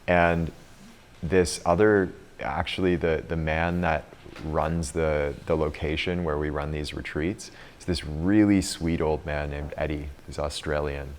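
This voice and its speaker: A man's voice: extremely low pitch, steady tone, measured pace, a little hiss or hum. A man in his thirties leading a retreat group, telling a story in a chatty way and laughing often. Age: 30s. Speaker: retreat leader and coach.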